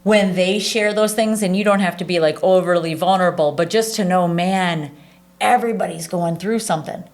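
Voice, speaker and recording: A woman in her forties speaks with a somewhat low voice. She talks earnestly and from the heart in a relaxed interview, often saying "like" and "right". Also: normal speed. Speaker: charity staff leader. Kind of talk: casual conversational interview.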